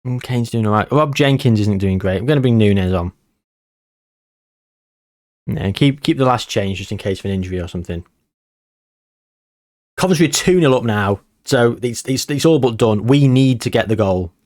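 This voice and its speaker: Guy playing a footie manager game, worn out, mumbly then suddenly excited, dry close sound. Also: medium pitch, normal speed, pauses often, no room sound. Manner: muttering, bursts of excitement at goals. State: tired. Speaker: gaming channel host. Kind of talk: casual game commentary.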